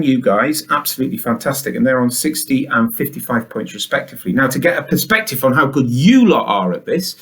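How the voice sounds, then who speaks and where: Upbeat man hosting a school show. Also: medium pitch. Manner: upbeat, enthusiastic, chatty.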